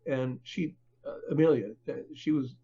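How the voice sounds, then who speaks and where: An older man, a book author, speaking as a podcast guest in a halting, conversational way with many fillers and restarts. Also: mid-range voice, dark tone, muffled recording. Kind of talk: conversational interview.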